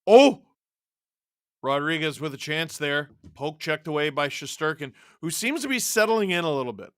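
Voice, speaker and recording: He's brisk and on the high side, recorded dry with clean studio sound: a streamer hosting a live watch-along who calls the game, shouts and yelps when big plays land, and keeps up jokey back-and-forth with his chat.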